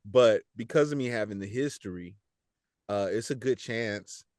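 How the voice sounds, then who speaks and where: Male voice actor guest, low and relaxed, animated slangy talk, dry close mic. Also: moderate pace, dry recording. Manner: animated, laughs often, slangy, repeats words. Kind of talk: casual podcast interview.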